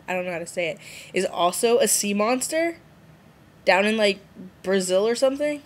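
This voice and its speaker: A woman chatting on a vlog in a loose, rambling way, giggling often as she talks. Her pitch sits in the middle of the range. She leaps up high whenever she acts out someone else's reaction. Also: a little slow. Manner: rambling and giggly, jumps high for quoted voices. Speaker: vlogger answering a viewer challenge. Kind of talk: casual rambling vlog chat.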